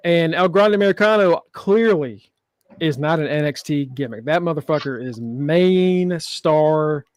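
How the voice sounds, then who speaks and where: Co-hosting a wrestling podcast, a high-voiced man recaps the show at an unhurried pace, joking, cursing, and acting out the wrestlers' quoted lines. His sound is close and dry, with no room sound at all.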